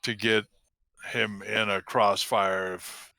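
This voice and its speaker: A man playing a tabletop game, thinking aloud slowly and tentatively. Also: fairly low pitch, level tone, vocal fry, sharp tone, no room sound. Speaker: player. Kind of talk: casual tabletop play.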